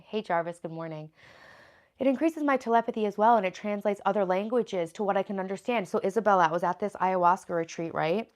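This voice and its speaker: Creaky, low-voiced woman streamer. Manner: chatty, rambling, many filler words. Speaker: livestream host. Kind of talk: casual livestream chat, reading viewer comments aloud.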